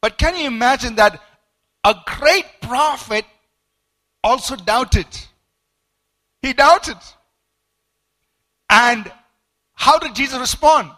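A male preacher teaches a sermon from a study book, his voice high and ringing bright. He grows animated as he acts out quoted speakers, and he stumbles through repeated words and fillers along the way. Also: slow, long pauses.

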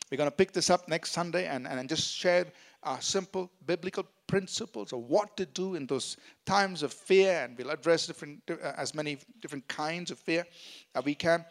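Male pastor, high-pitched, exhorting sermon in church, repeats lines for emphasis. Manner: leads congregation in reading scripture aloud.

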